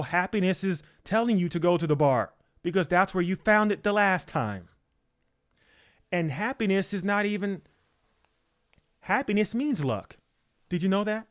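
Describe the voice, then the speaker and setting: A man preaching emphatically, repeating his points, asking rhetorical questions and often checking in with "okay?". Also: high-pitched.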